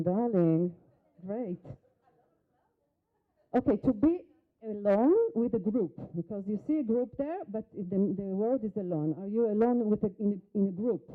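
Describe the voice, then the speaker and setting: A woman's voice: medium pitch, phone-quality sound. A woman whose first language is Hebrew leads a live workshop demonstration. She coaches a volunteer with short instructions and questions. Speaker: workshop facilitator. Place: conference hall.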